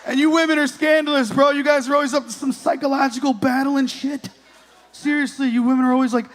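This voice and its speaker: Very high-voiced profane stand-up man. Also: steady tone, fast talker, fairly bright tone. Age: 30s. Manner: crude, profane, working the crowd. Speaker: stand-up comedian. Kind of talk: stand-up comedy set. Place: comedy club stage.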